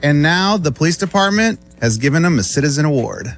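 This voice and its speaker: A man's voice: a little high, animated, brisk, faint music behind. A man who speaks English as a second language, telling a story on a radio show with his co-hosts. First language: not English. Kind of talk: casual morning show storytelling.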